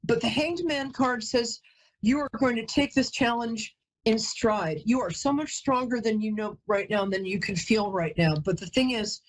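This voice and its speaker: A woman's voice: on the high side, normal speed, poor audio. A woman hosting a live call-in psychic reading, chatty and emotional, who often breaks off mid-sentence to apologize. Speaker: psychic medium host.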